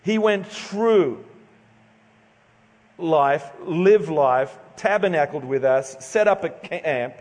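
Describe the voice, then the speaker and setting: A man's voice: on the high side, takes it slowly, a little mellow, in a large hall. A middle-aged Australian man preaching a sermon in a casual, joking, conversational way, stumbling over his words now and then. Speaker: pastor.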